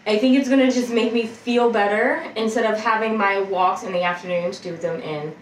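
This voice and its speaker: A woman in her forties, from the United States, hosting a casual chatty vlog in an upbeat, measured way with sudden lifts in pitch on key words. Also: fairly even intonation, slight background noise. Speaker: vlogger and host.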